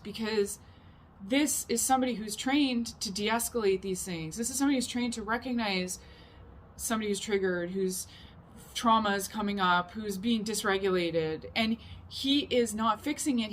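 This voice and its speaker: A woman's voice: fairly high pitch, a bit bright, slight background noise. A woman vlogger telling a personal story to camera, rambling and emphatic, with many fillers. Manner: rambling and emphatic, heavy use of "like".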